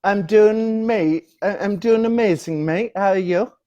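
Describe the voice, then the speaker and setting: An older man born in the UK, a guest on an interview show, speaking in a joking, halting way. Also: sits high, mellow, muffled recording.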